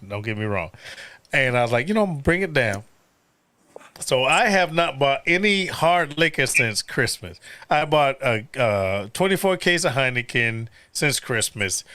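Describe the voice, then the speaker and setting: A man hosts a casual live podcast with a lively, swooping delivery that rises and falls constantly. His voice is bright and forward, recorded dry and close. He rambles, swears freely and breaks into laughter often. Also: medium pitch, no echo. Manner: rambling, profane, quick to laugh. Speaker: podcast host.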